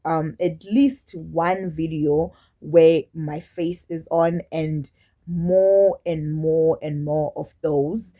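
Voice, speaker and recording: A woman speaks straight to her camera in a personal vlog, her voice sitting a little low. She talks candidly and haltingly, restarting sentences and slipping into quoted asides as she goes. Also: warm tone. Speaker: YouTube vlogger.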